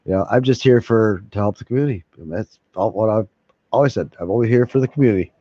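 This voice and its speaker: A man's voice: lowish voice, quick pace, mellow, dry recording. A man rambling casually to his viewers, swearing freely and chuckling between thoughts. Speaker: vlogger. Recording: dull lo-fi sound.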